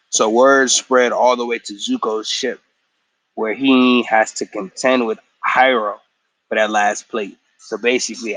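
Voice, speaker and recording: A worn-out vlogger, fresh off his work shift, runs through an episode in a loose, slangy, profane recap, voicing the characters as he retells it. His voice is fairly low and a bit bright, on a rough recording with no room sound.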